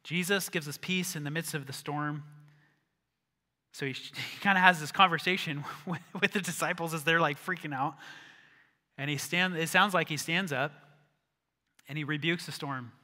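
A male pastor preaching a sermon, telling the story with animated acted-out voices and dropping to a hushed voice for emphasis. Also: fairly high pitch, moderate pace, pauses often. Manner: animated storytelling, acts out disciples, drops to a hush for emphasis. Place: church sanctuary. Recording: church hall reverb.

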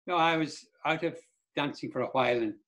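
A man's voice: a little high, a little fast, a bit bright. An older man from Donegal, a guest in a casual interview who tells long, rambling stories and acts out what others said. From Donegal, Ireland. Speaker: guest, Irish dance teacher.

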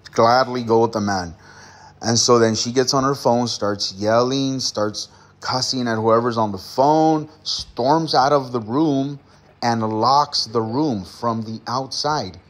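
A man vlogger casually retelling a story to his viewers, acting out the dialogue as he goes. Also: mid-range voice. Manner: animated retelling, acts out dialogue.

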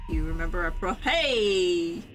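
A young adult woman streaming a game in casual chat, excitable and gushing, laughing often and swearing freely. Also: mid-range voice, a little slow, over music. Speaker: streamer playing a horror game.

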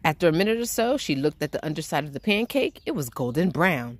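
Woman reading a kids' book out loud, low voice but really sing-songy, dry close sound. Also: no echo. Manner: gentle, slow, expressive storytelling. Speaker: children's read-aloud host. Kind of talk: picture book read-aloud.

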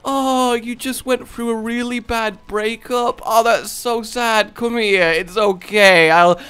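A man's voice: very high-pitched, steady tone, slow pace, bright, forceful tone, clear, resonant tone, voice pushed up, heavily acted. A man voicing a fake-sympathetic person who soothes a crier only to collect their tears, in a syrupy mock-soothing manner.

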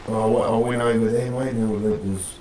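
A man's voice: fairly low pitch, steady tone, normal speed, echoey room, crowd noise, rough recording. A man playing a gang leader in a roleplay, rambling, swearing constantly and calling everyone mate. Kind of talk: in-character roleplay chat.

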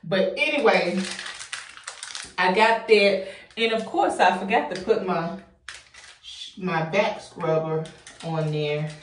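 A woman's voice: on the low side, takes it slowly, pauses often, echoey room, far from the mic, a little hiss or hum. A young woman vlogging, chatty and effusive, a little out of breath as she talks to her viewers. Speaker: home organization vlogger. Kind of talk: casual vlog chat. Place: bathroom.

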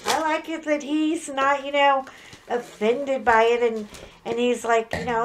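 Middle-aged woman, home craft vlogger, unhurried rambling chat, slightly high voice. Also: level tone, slight background noise. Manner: chatty, joking, digressive with frequent restarts. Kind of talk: casual unboxing chat.

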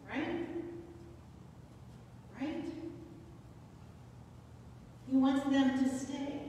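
A woman's voice: medium pitch, darkish tone, a little hiss or hum. Woman preaching in an echoey church. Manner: conversational storytelling, asks the congregation questions. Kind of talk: sermon. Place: church sanctuary. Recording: echoey church hall from far off.

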